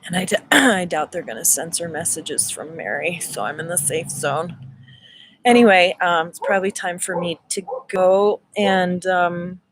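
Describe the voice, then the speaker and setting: A woman with a fairly low voice hosting a live stream. She speaks in a loose, heartfelt spiritual monologue, earnest and effusive, often restarting and repeating her words as she gathers her thoughts. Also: unhurried, slight background noise. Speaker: spiritual reader hosting a livestream.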